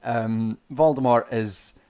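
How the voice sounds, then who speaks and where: A man's voice: mid-range voice, fairly even intonation, takes it slowly, warm tone, clean tone. A young Scottish man streaming, ranting casually and sardonically about a film, swearing often and restarting his sentences. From Scotland. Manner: profane, sardonic, rambling with restarts.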